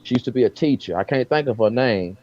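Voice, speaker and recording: Mellow-voiced man from Alabama. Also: medium pitch, animated, fast talker, dry recording, lo-fi sound. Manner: repeats words, says "you know what I'm saying". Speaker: podcast guest. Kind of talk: casual chat.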